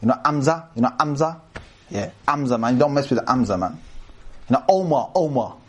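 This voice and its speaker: A man giving a sermon to a live audience, animated and joking, asking the crowd questions and reciting verses in Arabic. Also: medium pitch, fairly quick, slightly rough. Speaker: preacher.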